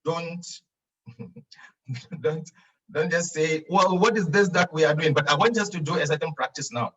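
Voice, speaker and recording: Guy teaching arabic slowly, kinda far from a dull mic, repeats stuff a lot. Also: a little high, fairly bright tone, breathy edge. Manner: patient, repeats phrases for students to echo. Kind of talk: online language lesson.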